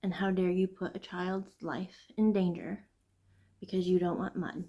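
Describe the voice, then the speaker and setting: A woman hosting a casual knitting vlog, chatting and venting in an animated, chatty way. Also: fairly low pitch, normal speed. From Midwest United States. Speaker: knitting podcast host. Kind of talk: casual chat.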